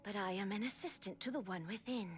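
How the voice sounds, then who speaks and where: An actress voicing a cold puppet ruler in a video game, speaking in a flat, commanding, robot-like way. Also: female voice, mid-range voice, fast, faint music behind, natural voice.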